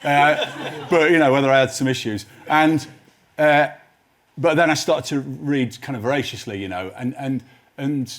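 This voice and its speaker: A man's voice: medium pitch, moderate pace. A man, a guest writer telling rambling stories full of restarts on a studio chat show. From Nottinghamshire, England. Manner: rambling, self-interrupting storyteller. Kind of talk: anecdotal chat show interview. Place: TV studio with live audience.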